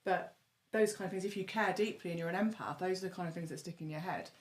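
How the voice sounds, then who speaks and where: A woman co-hosting a casual podcast chat, animated and laughing often, repeating words as she talks. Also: lowish voice, fast talker. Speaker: podcast co-host. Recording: roomy studio echo.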